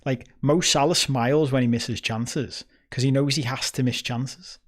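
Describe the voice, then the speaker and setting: A man co-hosting a casual podcast, relaxed and sweary, explaining a point through stories. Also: medium pitch, moderate pace. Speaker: podcast co-host. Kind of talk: casual chat.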